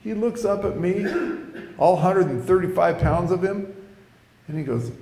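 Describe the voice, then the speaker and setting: A man preaching a storytelling sermon, animated and acting out the people in his story. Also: high-pitched, moderate pace, reverberant. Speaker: preacher telling his testimony.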